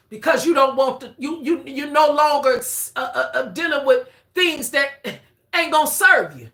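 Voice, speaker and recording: A woman giving a casual spiritual reading on a live stream, excitable and repetitive, swearing freely. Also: very high voice.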